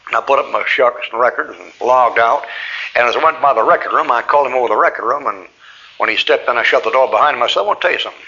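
A man's voice: mid-range voice, fast, pushed and bright, lo-fi sound. A man preaching a sermon, telling a personal story in a folksy way and acting out both sides of each conversation.

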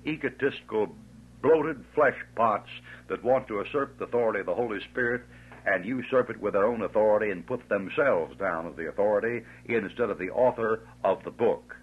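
A man's voice: lowish voice, husky. A man preaching a fiery sermon, emphatic and scornful, stretching out his stressed words. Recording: tinny lo-fi old tape.

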